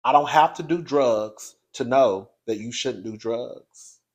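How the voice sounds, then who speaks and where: A man hosting his own video show, giving a blunt, profane, animated commentary straight to his viewers. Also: medium pitch, takes it slowly. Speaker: online show host reviewing reality TV.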